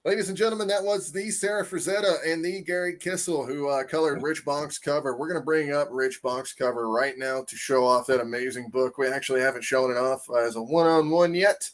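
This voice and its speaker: A man hosting a casual livestream on a video call, telling stories with lively energy and swearing freely. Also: fairly high pitch, a little fast, hardly any pauses. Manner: animated storyteller, swears freely. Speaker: host.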